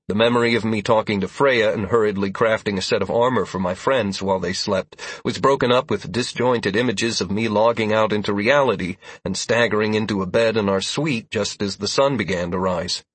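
A man reads a first-person fantasy novel aloud in a measured, even way. His voice sits low and husky. The sound is dry and close. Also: no echo. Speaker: audiobook narrator.

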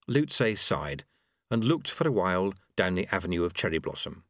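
A man narrating an audiobook in a wry, expressive storytelling manner. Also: deep voice, normal speed, no room sound, clean studio sound. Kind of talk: scripted narration.

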